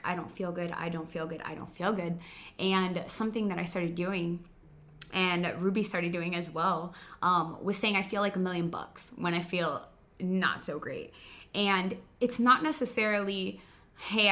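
A woman's voice: mid-range voice, pushed and bright. A young woman co-hosting a live chat, talking casually with many fillers and easy laughs. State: recovering from a cold. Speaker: co-host.

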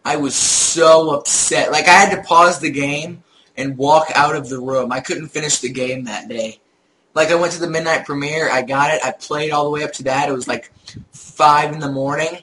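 A young man in casual conversation, his voice bright and forward, swinging into lively storytelling about games and laughing easily. There is a faint hiss under the recording. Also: fairly high pitch, normal speed, poor audio. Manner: animated storyteller, laughs often. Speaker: podcast co-host. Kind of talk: casual gaming chat.

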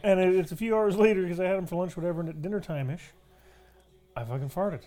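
A high-voiced man tells a crude anecdote in blunt, profane banter. He swears freely and talks plainly. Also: fast, warm tone. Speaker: podcast co-host.

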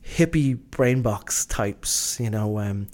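A man's voice: on the low side, lively intonation, takes it slowly, a little mellow. A man from Britain co-hosting a casual chat, rambling and enthusiastic, full of fillers and restarts. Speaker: podcast co-host.

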